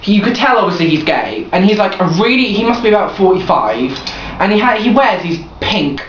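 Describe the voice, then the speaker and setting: A young man from England telling work stories in casual chat, teasing and animated, laughing often. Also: sits high, brisk. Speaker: vlogger. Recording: echoey room, dull lo-fi sound, faint hiss.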